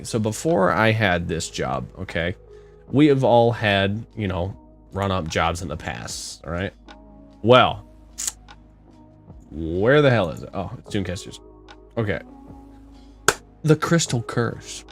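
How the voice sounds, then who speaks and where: A young man co-hosting a podcast, telling stories in a casual, animated way, swearing and acting out the people he quotes. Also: sits low, takes it slowly, long pauses, faint music behind. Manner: animated, swearing storyteller who acts out quotes loudly. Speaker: podcast co-host. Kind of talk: casual storytelling chat.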